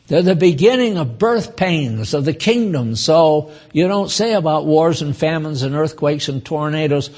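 A man in his nineties giving an informal Bible teaching, slow and chatty, with asides to his listeners. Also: a little high, lively intonation, a little mellow, slightly rough. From United States. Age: 90s.

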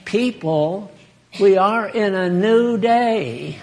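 Slow, high-voiced folksy preacher man. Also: a little mellow. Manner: folksy, chatty, addresses listeners by name, laughs often. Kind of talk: informal sermon.

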